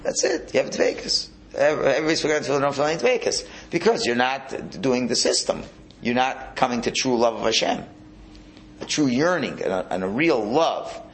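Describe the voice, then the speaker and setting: Male religious teacher, gravelly, very expressive pitch, repeats himself while explaining. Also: fairly quick. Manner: animated, repeats words, restarts phrases. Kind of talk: Hasidic Torah class.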